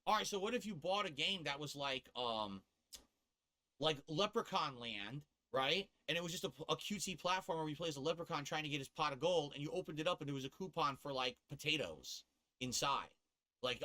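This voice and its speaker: A man's voice: fairly high pitch, expressive, a little fast, pushed and bright. A man from the US East Coast ranting and cursing on a casual live stream, laughing at himself as he goes.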